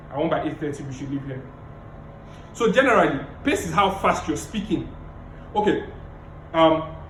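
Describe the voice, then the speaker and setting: A man giving a public speaking lecture over a video call, emphatic and repeating key phrases, deliberately playing his tone up and down. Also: a little high, echoey room, a little hiss or hum, rough recording. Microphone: video call mic.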